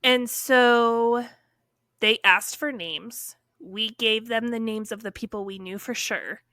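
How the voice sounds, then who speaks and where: A woman telling a personal story on a podcast in a casual, animated way, full of fillers and acted-out quotes. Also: fairly high pitch, slow, no room sound, studio quality.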